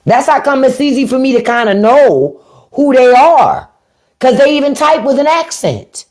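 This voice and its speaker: Middle-aged woman, livestream host; blunt, taunting delivery with a lively, animated pitch. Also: normal speed. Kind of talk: casual livestream talk.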